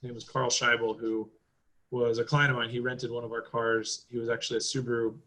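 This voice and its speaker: A man's voice: medium pitch, level tone, brisk, bright, forceful tone, rough recording. A man on a podcast as a guest, chatting casually in a rambling way, with lots of fillers and loose swearing. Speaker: podcast guest, driving school owner.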